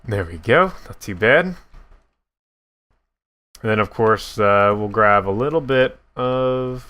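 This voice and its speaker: A young man giving casual, self-mocking commentary while he builds in a block game, with a deep voice that sometimes cracks. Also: expressive, slow pace, pauses often, a bit bright, clear, resonant tone. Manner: chatty, self-mocking, laughs at his own slips. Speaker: gaming YouTuber.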